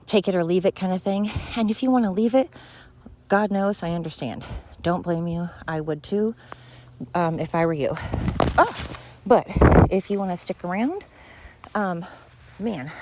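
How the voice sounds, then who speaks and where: A woman's voice: lowish voice, moderate pace, a little mellow, a little hiss or hum. A woman hosting a rambling solo podcast while walking outdoors, out of breath and talking in a scattered, chatty, self-deprecating way. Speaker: podcast host. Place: outdoors on a night walk by a road.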